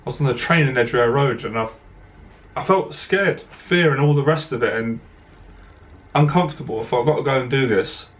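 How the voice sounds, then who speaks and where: A man, a dating coach, speaks straight to camera in a heartfelt monologue. He talks earnestly and directly, often repeating words as his voice catches. His voice sits at an ordinary middle pitch. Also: brisk. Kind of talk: emotional personal monologue to camera.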